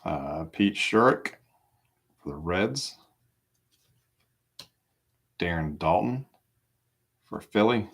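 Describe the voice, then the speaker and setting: Card break host, male, very low gravelly voice, slow and unhurried. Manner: relaxed, reads off cards with small asides. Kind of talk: casual live card-break commentary.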